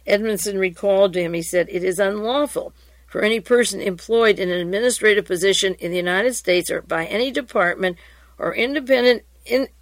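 A woman reading congressional hearing transcripts aloud in a steady, even voice. She then moves into her own commentary, with fillers and restarts. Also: medium pitch, dry recording.

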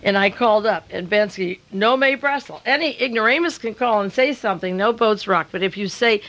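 An older woman hosting a radio talk show during a fundraiser, talking in long, rambling, emphatic runs and slowing down to hammer her points home. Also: mid-range voice, fairly bright tone, rough recording. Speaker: radio host.

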